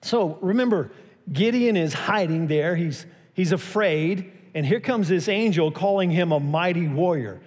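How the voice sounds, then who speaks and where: A man's voice: sits high, a little slow, a little mellow, breathy edge, big-room sound. A man preaching a sermon as pastor, telling a story and acting out its quotes with a raised voice.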